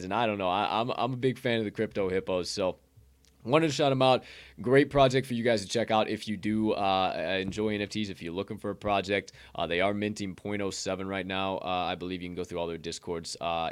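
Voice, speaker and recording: A man's voice: fairly low pitch, clear, resonant tone. Young guy streaming, pumped and cussing, goes off on a soapbox rant. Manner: hyped, swearing, preachy soapbox. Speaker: NFT content creator. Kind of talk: casual livestream promo rant.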